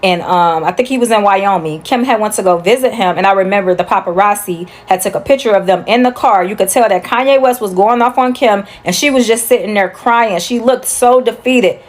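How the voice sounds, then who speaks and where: Give me a woman talking candidly in a casual opinion video, mid-pitched. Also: a little fast, few pauses. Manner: candid, conversational, mild swearing.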